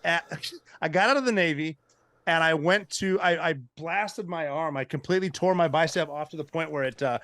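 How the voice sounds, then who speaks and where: A man's voice: fairly high pitch, moderate pace, fairly bright tone, no echo. A middle-aged man, a retired Navy veteran and guest, telling a dry story in a casual interview.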